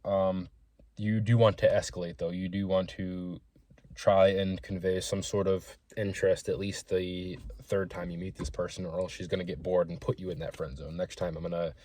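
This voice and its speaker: This young small business owner vlogs about the gym in a dark, low voice that barely moves in pitch, at a moderate pace. He rambles through blunt, foul-mouthed stories, voicing the people he quotes.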